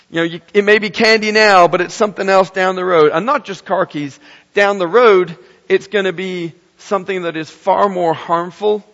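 A middle-aged man preaching a sermon, telling a story with animated humor and wry asides. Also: high-pitched. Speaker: pastor. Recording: echoey hall, slightly dull sound.

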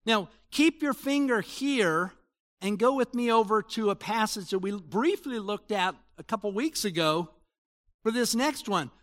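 A man in his sixties preaching a sermon in a conversational way, moving between loud emphasis and quiet asides. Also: high-pitched, animated, a little slow. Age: 60s. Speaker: pastor.

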